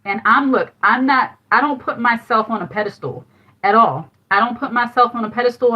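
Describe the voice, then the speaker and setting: A middle-aged woman hosting a casual advice livestream, telling a candid story in a chatty way and laughing often. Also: mid-range voice. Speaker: livestream host giving life advice. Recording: dull lo-fi livestream audio.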